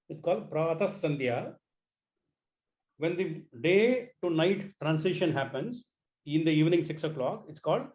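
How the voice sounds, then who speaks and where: A man's voice: a little high, darkish tone. Man teaching an online class. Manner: repeats words, asks students to try sounds.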